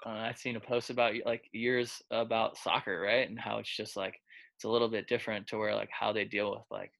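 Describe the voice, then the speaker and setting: A man's voice: lowish voice, flat delivery, brisk, creaky, a bit bright. A man who coaches quarterbacks, telling stories in a casual interview in a loose, chatty way, full of filler words. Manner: loose and chatty, heavy with filler words, acts out quoted lines.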